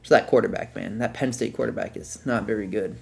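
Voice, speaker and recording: A man's voice: fairly low pitch, a little fast, vocal fry. A young man giving a casual, rambling commentary over his football video game footage as a content creator. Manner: relaxed, rambling, filler-heavy breakdown of plays.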